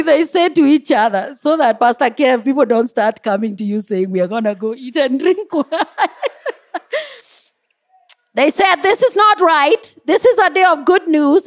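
A woman preacher delivers a sermon in church, her voice high and full of swoops. She is animated, laughs at her own stumbles and lets out joyful whoops. The delivery is lively from start to end. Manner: animated, laughs at herself, shouts of joy.

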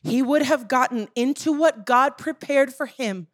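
A woman's voice: high-pitched, unhurried. A woman preaching a sermon, emphatic and calling out to the congregation as church.

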